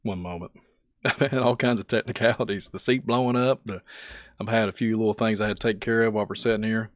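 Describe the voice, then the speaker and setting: A man with a sore, hoarse throat hosting a casual livestream, laughing often as he greets viewers in the chat by name. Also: fairly low pitch, steady tone, quick pace, no echo, clean studio sound. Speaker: livestream host.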